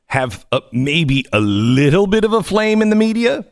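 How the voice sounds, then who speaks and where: A man's voice: high-pitched, big pitch swings, normal speed, no echo, studio quality. A middle-aged man hosting a casual talk radio show, self-deprecating and asking pointed questions. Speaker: radio host. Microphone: studio microphone.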